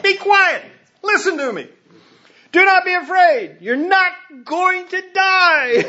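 A man's voice: sits high, lively intonation, normal speed, fairly bright tone, pitched above the performer's own voice. A man voicing a blunt, exasperated male angel who gives orders in casual slang. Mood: commanding. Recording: muffled lo-fi recording.

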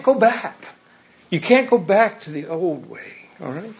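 A male pastor preaching a lively, conversational sermon at a church service, full of casual asides. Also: high voice, unhurried, vocal fry. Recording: muffled lo-fi recording.

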